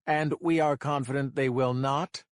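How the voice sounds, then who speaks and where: A man's voice: medium pitch, fairly even intonation, normal speed, dry recording, clean studio sound, natural voice. A man voicing an indignant male defense lawyer who protests emphatically in court.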